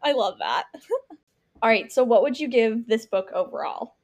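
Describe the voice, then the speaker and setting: A woman's voice: fairly high pitch, a little slow, a little mellow. A woman co-hosting a podcast, chatting casually about a book and filling her talk with "like.". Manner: chatty, many "like" fillers. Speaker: podcast co-host.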